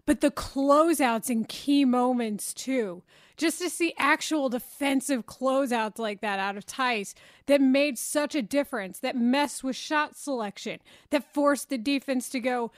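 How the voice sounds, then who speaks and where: Woman, sports radio co-host, teasing, fairly high voice, dry studio sound. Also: moderate pace, dry recording. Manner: teasing, playful. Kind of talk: casual sports talk.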